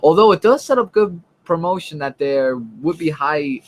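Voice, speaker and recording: A man co-hosting a casual live show, talking in a halting way with frequent fillers and restarts. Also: a little high, expressive, low-quality recording. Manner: halting, lots of uh and you know, restarts. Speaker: co-host. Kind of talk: casual chat about comics and TV.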